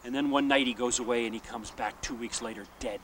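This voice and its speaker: A man voicing a heartbroken old father, speaking in a subdued, halting way. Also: mid-range voice, fairly even intonation, fairly bright tone, recorded from a distance, a little hiss or hum, close to an everyday voice. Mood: sorrowful. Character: grieving old Northern Irish father, quiet, heartbroken.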